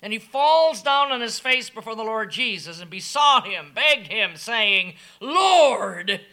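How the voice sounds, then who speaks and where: High, bright-voiced man preaching. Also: measured pace. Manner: emphatic and animated, swings between soft asides and loud, shouted declarations. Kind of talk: sermon.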